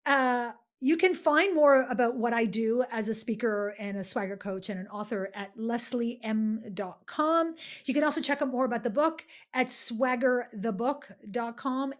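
A woman with a high voice speaks as a coach and interview guest over a video call. She talks in an animated, playful way and goes off in fast bursts. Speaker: guest, swagger coach and author. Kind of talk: casual interview chat.

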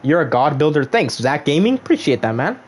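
A young man livestreaming a game, in casual commentary full of slang and banter, swinging from loud teasing outbursts to mock-solemn murmurs. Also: a little high, very animated, brisk, a little hiss or hum. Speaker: gaming livestreamer.

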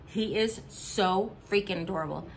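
A woman's voice: medium pitch, normal speed, slight background noise. A middle-aged woman from Missouri chatting casually in a haul vlog, upbeat and giggly, with rambling asides. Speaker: vlogger.

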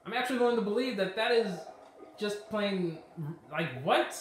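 Exasperated gamer man yelling at a game. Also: high voice, animated, normal speed, heavy reverb. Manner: frustrated, swearing, yelling at the game. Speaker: gaming YouTuber. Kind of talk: let's play commentary.

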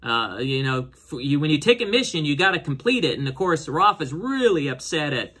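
A man's voice: sing-song, fairly quick, bright, forceful tone, slightly rough. A man casually recapping and reviewing a TV episode, rambling with lots of fillers and restarts. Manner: voices characters' lines with raised pitch. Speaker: show reviewer.

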